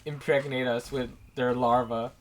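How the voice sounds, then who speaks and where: A man's voice: medium pitch, flat delivery, unhurried. A man co-commentating a game in a playful, teasing, sarcastic way. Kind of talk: casual let's-play commentary.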